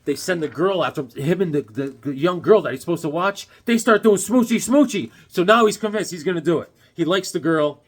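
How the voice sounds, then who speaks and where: Speaking fast with few pauses, a man with a somewhat high-pitched voice chats his way through a comic book review. His rambling is loose and jokey, packed with fillers, tag questions, and the odd pun.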